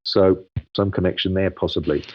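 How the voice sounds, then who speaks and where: A man with a lowish voice walks through his explanation steadily, filling pauses with ums. The sound is dry and slightly dull, like a lo-fi remote interview recording. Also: steady tone, no echo. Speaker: guest expert. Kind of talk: casual interview.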